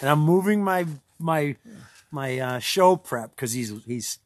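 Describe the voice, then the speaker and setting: A man's voice: fairly high pitch, animated, measured pace, no room sound, studio quality. A man co-hosting a casual podcast chat, talking loosely with many restarts and frequent laughter. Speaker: podcast co-host.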